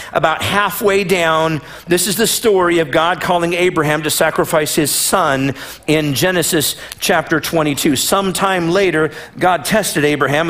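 A middle-aged man preaching a sermon in a church, his voice sitting a little high for a man. He reads scripture aloud and slips into playful, animated voices to act out the story. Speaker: pastor.

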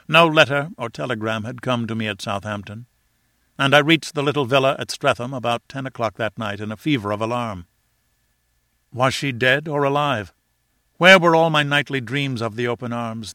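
A man's voice: medium pitch, sharp tone, dry recording, clean studio sound. A man reading a classic novel aloud in the first person, with an earnest, dramatic delivery. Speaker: audiobook narrator. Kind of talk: first-person literary narration.

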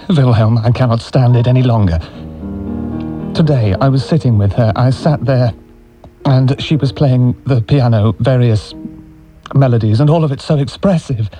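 A man giving an anguished, emotional dramatic reading of letters. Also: medium pitch. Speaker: reader.

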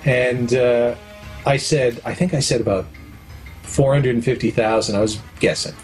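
A middle-aged man talks frankly about his work in an interview, with a mid-range voice. He explains things with homely comparisons and a storyteller's ease. Faint music plays softly underneath. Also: mid-range voice, fairly even intonation, moderate pace. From Canada. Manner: candid, anecdotal, explains with analogies. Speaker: documentary producer and director. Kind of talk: casual interview talk.

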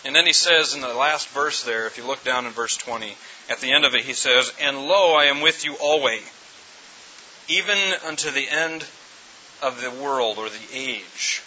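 A middle-aged male pastor delivering a sermon in an emphatic way, often doubling back on words and restarting his phrases. His voice is strikingly bright and tense. The recording is dull and lo-fi, with a faint hiss running underneath. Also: mid-range voice, moderate pace.

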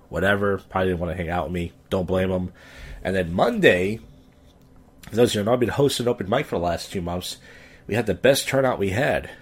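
A man in his thirties, drunk, hosting his podcast with a profane, rambling story that jumps up in pitch when he rants. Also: slightly rough. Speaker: podcast host and stand-up comic. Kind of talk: casual rambling podcast monologue.

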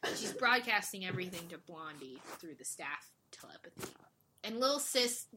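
A woman's voice: on the low side, normal speed, slight background noise. A woman co-hosting a podcast, recapping a show in casual chat and acting out the characters' lines. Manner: animated storyteller, acts out quotes. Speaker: podcast co-host.

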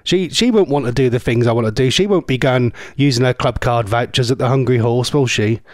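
A man hosting a radio show chats casually and rambles, teasing listeners as he reads their messages and drops in mock-posh asides. His mid-range voice moves fairly quickly, and the studio-quality recording has no echo.

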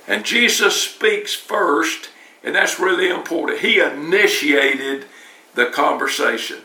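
Slow-talking preacher with a bright tone. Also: male voice, a little high, lively intonation. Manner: conversational, repeats words, stumbles on restarts. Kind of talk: sermon. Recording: roomy, distant mic.

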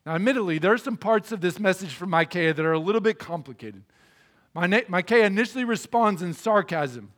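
Guy with a pretty high voice preaching, earnest and emphatic, chatty way of explaining the bible. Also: expressive, a little fast, a bit bright. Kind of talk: sermon teaching through a Bible passage.

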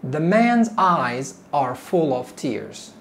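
Slow, animated woman English teacher. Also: deep voice, a little hiss or hum. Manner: repeats words slowly for learners; teacherly, asks learners questions. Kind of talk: slow, deliberate ESL lesson.

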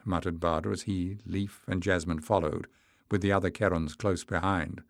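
A man narrating an audiobook in a steady, even storytelling manner. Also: low voice, normal speed, dry recording, studio quality. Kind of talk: scripted narration.

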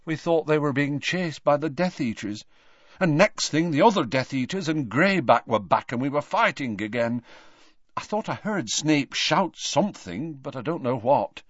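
A young witch, grim and shaken after a battle, as a male narrator puts her on. She speaks low and hollow, a little above his own pitch. Dry, somewhat dull audiobook sound. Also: animated, normal speed, no echo.

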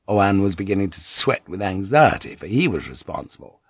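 A man narrating an audiobook in a measured storytelling manner. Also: low-pitched, big pitch swings, breathy edge, dry recording. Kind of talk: scripted narration.

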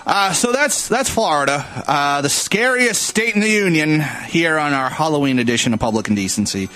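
A man's voice: a little high, expressive, normal speed, bright, forceful tone, poor audio. A man hosting a casual radio talk show, reading news stories aloud with jokes, laughs and stumbling restarts. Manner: joking, laughs often, stumbles over words.

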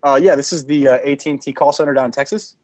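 A man's voice: medium pitch, steady tone, quick pace, darkish tone, no room sound. Stammering, fake-polite man prank caller. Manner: falsely polite, stammering, turns insulting. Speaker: prank caller posing as a manager. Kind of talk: prank phone call.

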